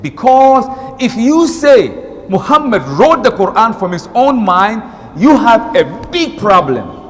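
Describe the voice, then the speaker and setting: A man giving a religious lecture as a preacher, animated and repeating words for emphasis. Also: sits high, a little slow. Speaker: Islamic preacher. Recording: long hall reverb.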